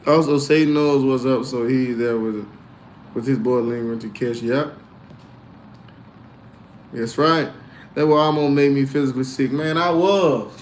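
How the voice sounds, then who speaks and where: A man hosting a casual crypto livestream, animated and slangy, mixing faith talk with tips and reading out comments. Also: a little slow, long pauses, roomy sound, slight background noise. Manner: animated, swinging from low grumbles to loud outbursts.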